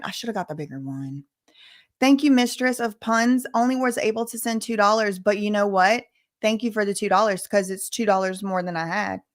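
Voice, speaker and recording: Chatty woman on a livestream, reading donations, mid-pitch, jokey. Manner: chatty, animated, joking asides. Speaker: livestream host.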